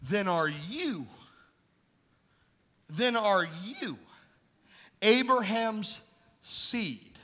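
Fervent high-voiced preacher, echoey hall. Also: male voice, expressive, drawn-out words, pauses often. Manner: fervent preaching, rising to shouts. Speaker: pastor. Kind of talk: sermon. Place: church sanctuary.

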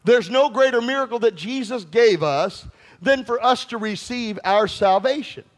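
High-voiced preacher calling for amens. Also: male voice, lively intonation, moderate pace. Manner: call-and-response, repetitive and emphatic, shouts at peaks. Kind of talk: sermon.

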